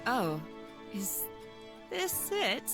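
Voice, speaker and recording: A man voicing a childlike, wonder-struck young woman in a visual novel, breathless and hushed with excited squeals. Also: very high voice, extremely slow, creaky, music in the background, voice pushed up, heavily acted.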